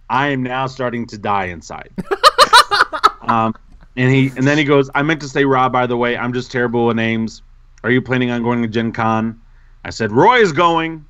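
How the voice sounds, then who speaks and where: A man co-hosting a casual podcast, telling a self-mocking story in an animated way. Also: medium pitch, clean tone, no room sound, lo-fi sound. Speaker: podcast co-host.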